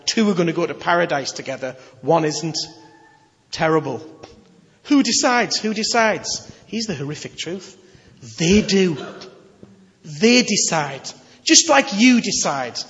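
A male preacher gives a lively, chatty sermon in a fairly high voice. His words ring out in a long hall reverb, with a slightly dull, muffled tone. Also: unhurried. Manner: animated, conversational, emphatic.

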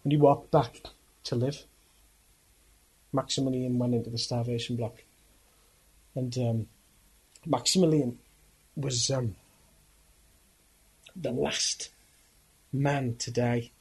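Husky preacher telling a story. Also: male voice, mid-range voice, fairly even intonation, darkish tone, poor audio. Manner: earnest, emphatic, halting. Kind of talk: dramatic storytelling sermon.

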